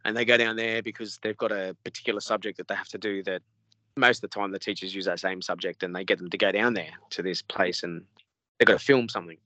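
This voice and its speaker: An Australian man, a podcast guest, telling a story in a rambling, animated way with lots of swearing. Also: low-pitched, brisk, pauses often, dry recording. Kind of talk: casual storytelling.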